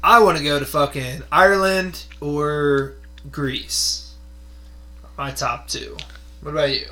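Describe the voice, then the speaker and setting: Brief: young male podcast co-host, slightly high, bright voice, crude jokey banter, low hum behind. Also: steady tone, takes it slowly. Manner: crude, joking, swears a lot. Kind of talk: casual chat.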